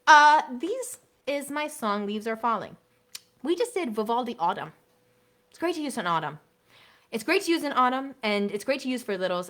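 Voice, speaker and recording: A woman with a fairly high pitch hosts an internet workshop aimed at elementary music teachers. Lively and chatty, she sings short songs from time to time as examples.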